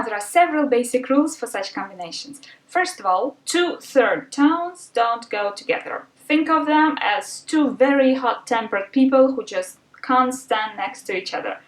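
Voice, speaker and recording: A woman language teacher patiently explaining pronunciation rules, sometimes adding fillers as she goes. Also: high voice. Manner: patient and instructive, with occasional fillers. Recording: roomy sound from a distance.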